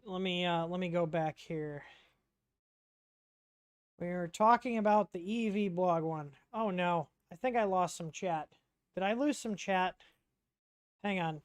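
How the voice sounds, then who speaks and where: A man's voice: high-pitched, measured pace, pauses often, smooth, dry recording, clean studio sound. A man hosting a casual livestream Q&A, rambling and chatty, reading out chat questions with lots of ums.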